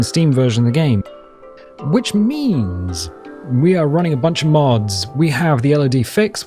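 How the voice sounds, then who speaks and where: A man's voice: mid-range voice, darkish tone. A man hosting a survival game let's play, chatting casually and rambling with hummed asides as he plays. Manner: chatty, rambling, hums and asides while playing. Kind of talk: casual gameplay commentary.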